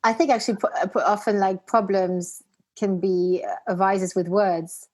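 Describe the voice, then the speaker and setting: A woman whose first language is not English, hosting a podcast and telling stories in a chatty, animated way. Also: mid-range voice, unhurried. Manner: chatty, animated storytelling with frequent restarts. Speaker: podcast host. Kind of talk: casual conversational interview.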